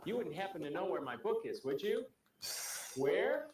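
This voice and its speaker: A man plays a playful male clown with a raised voice that swoops up and down in sing-song patter. He sounds far off in a very echoey space. A steady tape hiss sits under him. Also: high voice, normal speed. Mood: searching, playful. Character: chatty male clown performer. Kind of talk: old educational video acting. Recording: echoey, distant, hissy old videotape.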